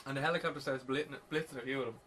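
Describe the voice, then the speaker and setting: A man's voice: mid-range voice, fairly even intonation, racing. A man on a podcast casually recapping a film, rambling and swearing. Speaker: podcast host. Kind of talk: casual film review chat.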